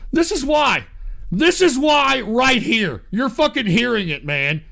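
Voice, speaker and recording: A man's voice: very high voice, big pitch swings, measured pace, vocal fry. A slightly drunk man hosting a show, ranting angrily and swearing at his audience. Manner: yelling, swearing, bitter rant. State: tipsy. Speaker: show host. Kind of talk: angry profane rant to an online audience.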